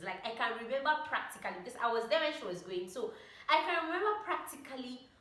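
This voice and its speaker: Woman vlogger, high bright voice, very animated, echoey room, chatty pep talk. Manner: animated, chatty, full of "like" and "oh my God". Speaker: vlogger and trainee pilot. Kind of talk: motivational casual talk to camera.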